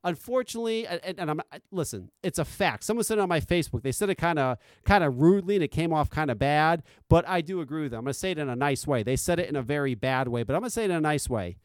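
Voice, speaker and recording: Man ranting, profane and heated, high lively pitch, dry close sound. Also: rapid-fire, few pauses, clear, resonant tone, no room sound. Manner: heated, profane, animated rant. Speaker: vape channel host. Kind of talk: ranting commentary.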